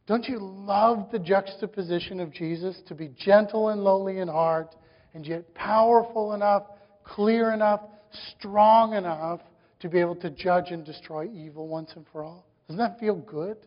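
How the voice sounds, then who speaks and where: A man with a high voice delivers a sermon, his emphasis rising through run after run of questions. His voice rings with a long reverb, and the recording has a dull, muffled tone. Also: measured pace. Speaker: pastor.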